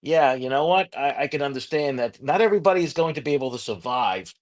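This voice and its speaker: A man's voice: medium pitch, expressive, fast talker. Plain-spoken former detective, a man. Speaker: former homicide investigator, podcast host. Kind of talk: casual podcast discussion.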